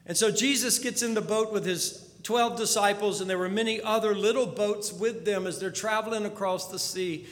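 A man preaching a sermon as a storyteller, dropping to a hush and then rising to urgent pleas. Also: sits high, steady tone, moderate pace, hardly any pauses. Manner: storytelling, swings from hushed to urgent. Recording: long hall reverb.

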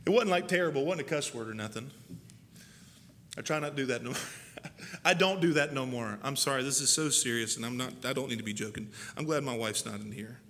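A man's voice: mid-range voice, brisk, a bit bright. A man preaching a sermon in a church, folksy and emphatic, laughing at himself now and then. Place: church sanctuary. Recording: hall reverb, faint noise.

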